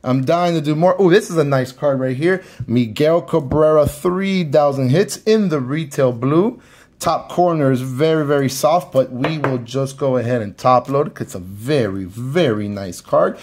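A man from Miami opening trading card packs on camera, talking casually to his viewers and repeating his words when excited. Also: medium pitch, normal speed. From Miami, Florida. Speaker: card collector. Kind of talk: casual pack-opening commentary.

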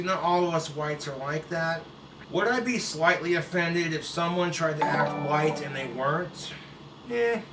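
A man vents in blunt, profane reaction commentary, sarcastic and fired up. His voice is bright and pushed, sitting slightly high for a man. The sound bounces around a roomy space with a faint hiss underneath. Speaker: YouTube commentator. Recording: roomy echo, set back from the mic, faint hiss.

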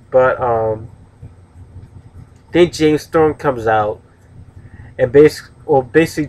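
Rambling man reviewing a wrestling show. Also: mid-range voice. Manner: rambling, many restarts and fillers. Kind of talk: casual spoken review.

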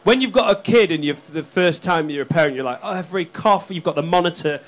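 A man doing an animated, sweary stand-up set, jumping into squeaky voices for bits. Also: fast talker. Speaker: stand-up comedian. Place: comedy club stage. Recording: live club mic with crowd noise. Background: audience laughter.

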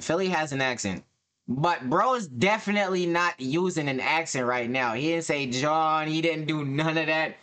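A man streaming live, mocking what he watches with loud, profane asides. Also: on the high side, normal speed. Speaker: streamer reacting to a dating show. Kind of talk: casual live-stream commentary.

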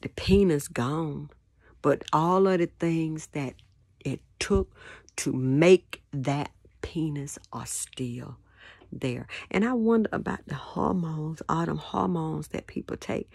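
A woman's voice: sits low, gravelly, a little mellow, no room sound, studio quality. A woman giving a rambling spoken monologue, repeating words and asking questions, often dropping to a whisper. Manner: repetitive, questioning, drops to whispers. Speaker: vlogger.

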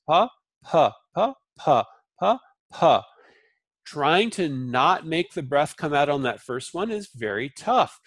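A man teaching a recorded Sanskrit lesson, repeating syllables slowly and explaining them in a relaxed way with many fillers. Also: fairly high pitch, no room sound. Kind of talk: recorded lecture.

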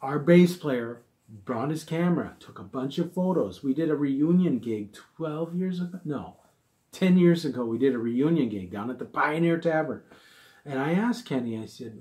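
A man's voice: medium pitch, normal speed, warm tone. Middle-aged guy rambling thru an old band story, chatty, lots of asides, mid voice. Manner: rambling, fond, full of asides and quoted voices. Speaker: musician telling a gig story. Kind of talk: casual storytelling.

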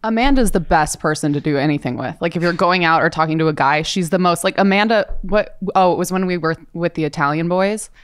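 A woman tells a lively anecdote at a rapid clip in casual podcast chat. Her voice is smooth and a little low for a woman.

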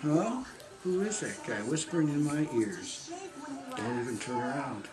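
A woman's voice: very deep voice, animated, measured pace. A woman in casual family chat on a video call, playful and coaxing as she talks to a baby.

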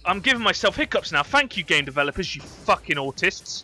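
A young man giving excitable, sweary gameplay commentary at his computer. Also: high voice, fast talker, hardly any pauses, music in the background. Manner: excitable, sweary, easily startled. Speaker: gaming YouTuber.

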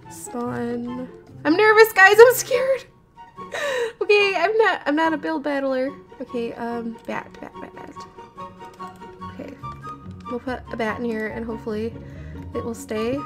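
A woman commentating as she builds in a game, chatty, nervous and giggly as she talks to her viewers. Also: on the high side. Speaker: gamer. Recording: game audio with background music. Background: background music.

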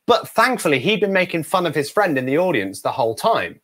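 A man, a guest ventriloquist, telling stories in a lively chat and acting out other people's voices. He talks from a room at home over a video call. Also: a little high, a little fast. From United Kingdom. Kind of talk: animated storytelling in a chat.

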